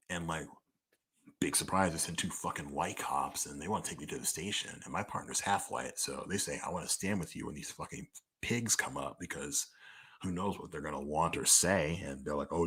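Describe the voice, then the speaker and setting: A young man with an extremely low, bright, forceful and slightly rough voice works through a list of personal questions. He's a podcaster answering listeners in a casual monologue, speaking candidly and profanely and saying "like" constantly.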